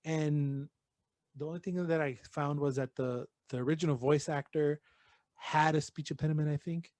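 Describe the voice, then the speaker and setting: A man's voice: a little high, steady tone, moderate pace, darkish tone, no room sound. A man co-hosting a podcast, chatting casually and rambling, swearing freely and slipping in bits of Spanish slang. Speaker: podcast co-host. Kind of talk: casual chat.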